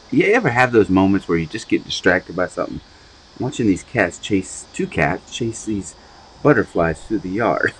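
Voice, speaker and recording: A low-voiced man with a husky edge preaches in a loose, conversational way, his pitch swinging widely as he talks. He rambles and restarts, like someone thinking aloud in a casual sermon. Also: fairly bright tone, rough recording. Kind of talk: informal sermon podcast.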